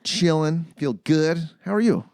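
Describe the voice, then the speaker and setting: Thirties man, podcast co-host; lively, swinging pitch, swears freely, dry close mic. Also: a little slow, gravelly, dry recording. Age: 30s. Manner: animated, swearing storyteller. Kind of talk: casual chat.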